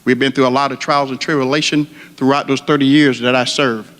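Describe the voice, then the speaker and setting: A man's voice: mid-range voice, level tone, a little fast, few pauses, fairly bright tone. A middle-aged man addresses a ceremony, then slips into a heartfelt prayer. His delivery is earnest and repetitive, with a preacher's cadence. The sound rings with the long reverb of a large hall. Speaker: retired firefighter leading prayer. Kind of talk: ceremony speech and spoken prayer.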